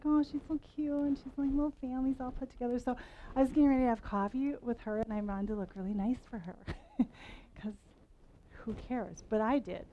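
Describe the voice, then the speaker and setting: A woman's voice: mid-range voice, darkish tone, highs cut off. A woman in her forties giving a conversational sermon to a women's gathering, candid and self-mocking, laughing between lines. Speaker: women's event speaker.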